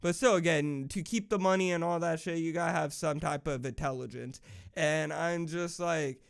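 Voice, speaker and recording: Young man, fairly high gravelly voice, casual profane rant, rambling. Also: moderate pace. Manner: profane, rambling, filler-heavy. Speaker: vlogger.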